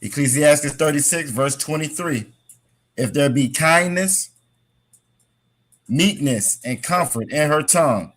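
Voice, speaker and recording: A man reads scripture verses aloud in a class, plain and measured. His voice sits a little above average for a man. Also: fairly high pitch, a bit bright.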